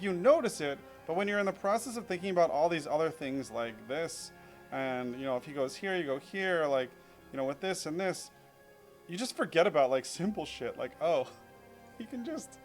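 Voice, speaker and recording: A man's voice: fairly high pitch, expressive, fairly quick, faint music behind. A young man casually reviewing his own chess game in a rambling, self-critical way, full of fillers.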